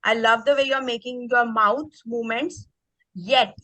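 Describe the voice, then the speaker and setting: A woman's voice: fairly high pitch, steady tone, normal speed, sharp tone, no room sound, low-quality recording. A woman leading an online teacher workshop. She speaks with energy and keeps checking in with the group by asking "okay?". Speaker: teacher trainer. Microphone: video call.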